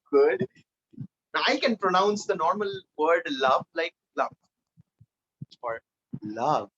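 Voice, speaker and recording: A man leading a live online public speaking training, energetic and animated, swinging between loud and soft for emphasis. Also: on the high side, muffled recording, slight background noise.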